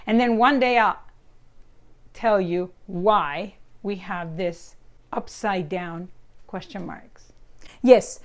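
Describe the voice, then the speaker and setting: A woman teaching in a lively, playful way, spelling things out slowly with examples. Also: medium pitch. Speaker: Spanish teacher. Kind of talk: scripted video lesson.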